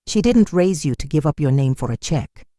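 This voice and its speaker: A narrator voicing a calm, wise young male CEO in disguise who speaks quietly and thoughtfully. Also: medium pitch, a little fast, no room sound, studio quality, natural voice. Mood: gentle.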